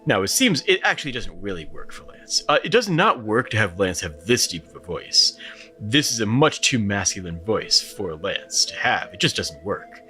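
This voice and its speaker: A man voicing a laid-back teenage boy with a deep, generic bro voice in a game dub. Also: sing-song, normal speed, pushed and bright, faint music behind. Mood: unsure. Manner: low bro drawl.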